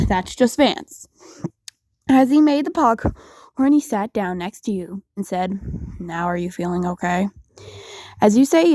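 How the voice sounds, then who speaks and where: A woman's voice: mid-range voice, a little mellow, dry recording. A woman narrating an unscripted self-insert story in a casual, rambling way, with fillers and restarts.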